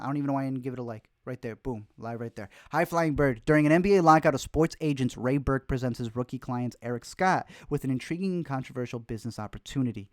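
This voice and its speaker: A man's voice: medium pitch, fast talker, hardly any pauses, no echo, clean studio sound. A young man hosting a casual livestream, talking about films he missed, rambling with lots of fillers and restarts. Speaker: film reviewer, host.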